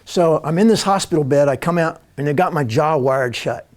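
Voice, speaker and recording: Guy telling a wild life story to a room, laughs a lot, voices the other people, voice on the high side. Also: a little fast. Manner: animated, laughing, acting out other people's lines. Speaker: spiritual speaker. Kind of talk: storytelling talk to an audience.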